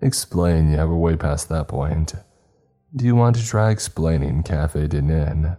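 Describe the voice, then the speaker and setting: A man's voice: rumbling low, animated, unhurried, dark tone. A man voicing an amused, sardonic young man who scoffs and grumbles in a horror story. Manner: scoffing, sarcastic.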